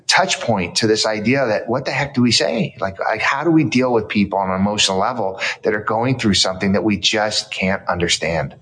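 A man's voice: on the low side, fairly quick, few pauses, a little hiss or hum. A man, a guest author, talking earnestly in conversation and acting out quotes as he tells stories. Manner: earnest, storytelling with animated quotes. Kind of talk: casual conversation.

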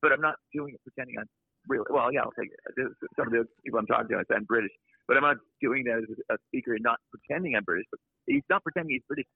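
A man guest on a podcast, talking in a blunt, opinionated, rambling way, with a gravelly, husky voice. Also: medium pitch, rapid-fire, no room sound. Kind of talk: casual podcast conversation. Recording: dry, tinny phone-like line.

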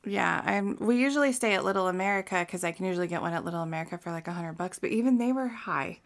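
A woman's voice: lowish voice, fast talker. A woman in her thirties from Utah, chatting casually and telling stories with plenty of swearing and laughter. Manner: profane, laughing storyteller. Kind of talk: casual chat.

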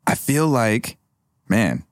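A man's voice: mid-range voice, sing-song, takes it slowly, no echo, studio quality. A man voicing a laid-back, drawling robot drone in an improvised comedy scene.

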